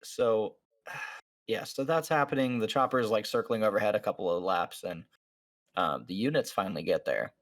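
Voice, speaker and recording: With an animated voice on the low side at normal speed, this podcast host tells a casual story, playing out what everyone said. His speech is heavy with fillers.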